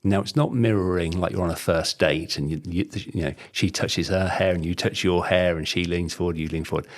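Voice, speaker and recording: Man, middle-aged, very deep voice, rough fry, rambling chatty talk. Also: steady tone, brisk. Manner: chatty, rambling, many "you know" fillers. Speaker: sales trainer guest. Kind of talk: casual conversational interview.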